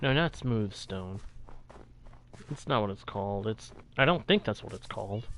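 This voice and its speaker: A man's voice: fairly low pitch, lively intonation, normal speed, fairly bright tone. A man streaming a video game, chatting casually and greeting viewers from chat in a friendly way. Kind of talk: live gameplay commentary with chat greetings.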